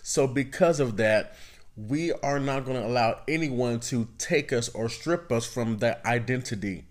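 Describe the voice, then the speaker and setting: A man's voice: mid-range voice, unhurried. A man hosting a self-help podcast, talking casually and repeating his points with frequent "you know what I mean?" asides. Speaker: podcast host.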